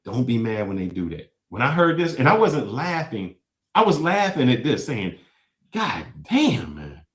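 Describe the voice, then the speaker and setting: A man hosting a talk show, giving animated, preachy commentary on clips and acting out quotes. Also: mid-range voice, moderate pace, reverberant. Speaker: podcast host. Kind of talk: casual commentary reacting to clips.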